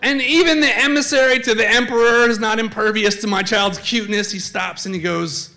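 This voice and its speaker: A man telling a comic true story live on stage, chatty and animated, slipping into voices. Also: high-pitched, brisk. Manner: animated, conversational, swings into voices. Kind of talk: live comedic personal storytelling. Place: theater stage before a live audience.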